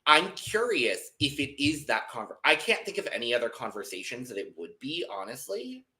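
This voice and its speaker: Expressive man musing on reality TV. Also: medium pitch, normal speed. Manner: speculative, frequent agreeing back-channels. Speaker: podcast co-host. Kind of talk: casual reality TV recap chat.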